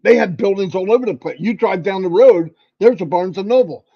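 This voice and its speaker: A man hosting a livestream, giving an animated, folksy motivational talk. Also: sits high, brisk, gravelly, highs cut off. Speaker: livestream host.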